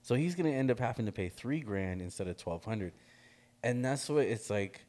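A middle-aged man telling a story in casual chat, animated, laughing often and swearing freely. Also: mid-range voice, moderate pace.

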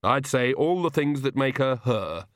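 A man's voice: mid-range voice, lively intonation, a little slow, no echo, studio quality, voice pushed up, natural voice. A man voicing an earnest, anxious young mother in a storybook reading. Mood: fretful. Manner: earnest, fretful.

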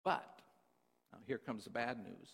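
A man preaching a sermon, telling a story in an animated, conversational way. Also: mid-range voice, measured pace, creaky, breathy edge. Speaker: pastor. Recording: long reverb in a big hall.

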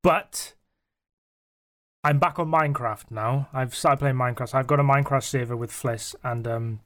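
A man's voice: mid-range voice, moderate pace, fairly bright tone. A man co-hosting a podcast in casual chat, joking, laughing often and trailing off into fillers. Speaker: podcast co-host.

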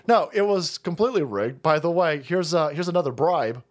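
A foul-mouthed man streaming a mocking political rant, laughing and swinging between loud jabs and low muttering. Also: fairly quick, few pauses.

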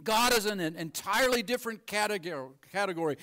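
A man preaching a sermon as pastor, emphatic, moving between ringing emphasis and hushed, low passages. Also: lively intonation, fairly quick, hardly any pauses.

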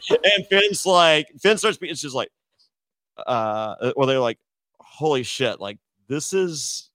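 A man's voice: a little high, lively intonation, slow, pauses often, fairly bright tone, dry recording, clean studio sound. A middle-aged man, a podcast guest, telling a long rambling story in casual chat, with many restarts, and acting out the voices of the people in it.

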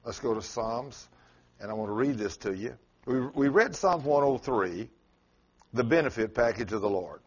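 A male pastor preaching a sermon, telling a story with sudden rises and drops in his voice. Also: moderate pace. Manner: storytelling with dramatic swings in pitch and loudness. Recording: muffled lo-fi sermon recording.

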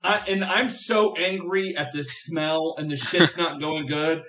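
A young man with a high, bright voice tells a profane, rambling story as a podcast guest. He talks in animated bursts, packed with fillers. The sound is roomy and echoey. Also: a little slow. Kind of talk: casual storytelling chat.

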